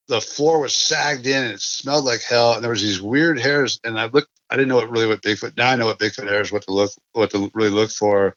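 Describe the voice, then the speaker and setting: A man's voice: medium pitch, fairly bright tone, no room sound, muffled recording. A man from California telling a long casual story as a podcast guest, rambling with many restarts and fillers.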